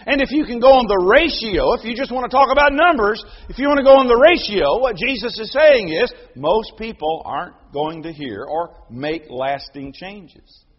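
A middle-aged man delivers a sermon in a high, lively voice that leaps up and down in pitch. His tone is a little husky, and the recording sounds dull and lo-fi. He swings from loud proclaiming to hushed storytelling. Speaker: preacher.

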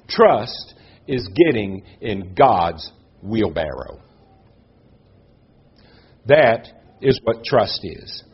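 A man delivers a sermon with earnest conviction, pausing for effect and pushing his voice up on key questions. His voice has a husky edge, and the recording sounds slightly dull and muffled. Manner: earnest, with dramatic pauses and rises in pitch. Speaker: preacher.

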